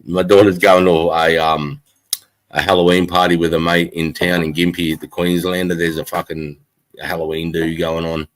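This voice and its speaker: Laid-back sweary Australian man, low-voiced. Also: level tone, normal speed, poor audio. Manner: laid-back, sweary, greets chat by name. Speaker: livestream host. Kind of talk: casual live-stream chat. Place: front porch, outdoors.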